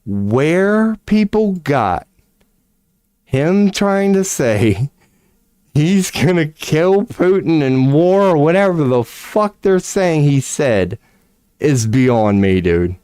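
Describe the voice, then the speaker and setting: A man's voice: on the high side, sing-song, slow, darkish tone, smooth, dry recording. A man streaming, giving casual ranting commentary, profane and incredulous, laughing often.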